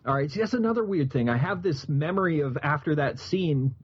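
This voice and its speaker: Man, thirties, casual movie podcast chat, joking, husky voice, dull lo-fi sound. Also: a little high, expressive, brisk. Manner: joking, laughs while telling stories. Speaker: podcast co-host. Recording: muffled lo-fi podcast audio.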